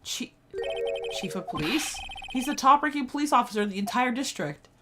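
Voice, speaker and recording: A woman plays through a game and reads its lines aloud in a lively voice that swings up and down. She talks a little higher than most women. Game music plays behind her. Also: fairly quick. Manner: playful, reads game lines aloud with goofy asides and laughter. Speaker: gaming streamer. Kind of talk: let's play with dialogue read aloud.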